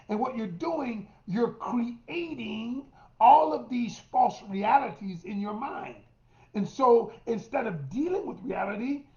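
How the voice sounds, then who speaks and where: A middle-aged relationship coach with a high, slightly mellow voice delivers a coaching monologue to women, calling them y'all and acting out quotes. He's emphatic and direct, and the recording is roomy, dull, and lo-fi.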